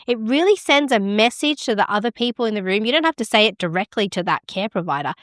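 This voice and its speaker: A woman's voice: medium pitch, lively intonation, fast, few pauses, a bit bright, no room sound, studio quality. A middle-aged woman hosting a midwifery podcast, giving frank, encouraging advice in a conversational way. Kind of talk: casual advice talk.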